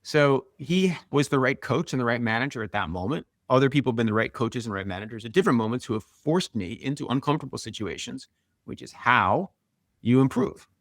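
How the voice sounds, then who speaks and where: Middle-aged man, gravelly edge, dry close sound; chatty storyteller, lots of "like.". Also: medium pitch, dry recording. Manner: animated, quick, with many "like" and "right?". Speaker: guest, author and marathoner. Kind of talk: conversational storytelling.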